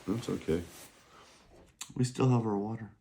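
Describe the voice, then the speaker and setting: Outdoors on a beach, a Mandarin teacher gives a casual, upbeat language lesson, drilling words for listeners to repeat. His unhurried voice is lowish and dark, and it's wearing out after a long day of recording, as if he's losing it. Slight background noise can be heard.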